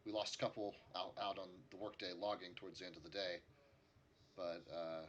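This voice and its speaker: A man voicing an easygoing male logging camp boss in a tabletop game, speaking haltingly with many fillers. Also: low voice, fairly even intonation, a bit bright, dull audio, slight background noise, pitched below the performer's own voice. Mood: matter-of-fact.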